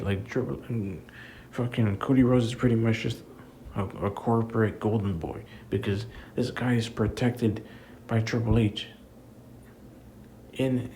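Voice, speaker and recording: A man's voice: lowish voice, mellow, slight background noise. A young man giving a profane, exasperated review rant about a wrestling event, repeating himself and calling the listener "bro.". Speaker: wrestling commentator. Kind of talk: ranting review.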